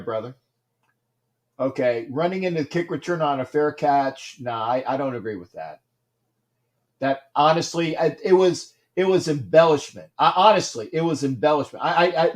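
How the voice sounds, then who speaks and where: Excitable man hosting a rambling livestream. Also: fairly high pitch. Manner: rambling, repeats himself, greets viewers by name; gets loud and excited during big plays. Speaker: livestream host. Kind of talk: casual livestream chat and game commentary.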